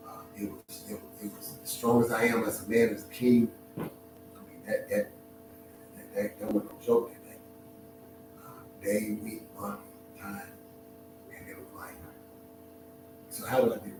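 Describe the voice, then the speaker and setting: A middle-aged man streaming live and telling a heartfelt personal story in an emotional, reflective way, often pausing and restarting his sentences. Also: lowish voice, flat delivery. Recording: very echoey room, distant mic, music behind.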